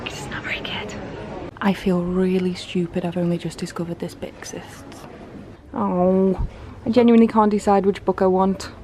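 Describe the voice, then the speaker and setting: A woman's voice: on the low side, little pitch movement, normal speed, dark tone, a little hiss or hum, poor audio. A woman vlogger chatting casually and rambling, self-deprecating, while suffering from a migraine. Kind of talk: casual chat vlog.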